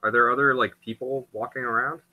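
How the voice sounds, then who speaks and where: A man playing in a tabletop game, speaking quietly and hesitantly. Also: medium pitch, steady tone, brisk, phone-quality sound. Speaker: player. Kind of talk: casual tabletop play.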